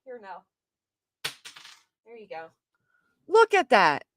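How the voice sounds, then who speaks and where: A woman doing live-stream commentary, reacting with outrage and loud exclamations, then dropping to muttering. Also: medium pitch, wildly swooping pitch, slow. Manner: outraged, exclaiming, swings between shouting and muttering.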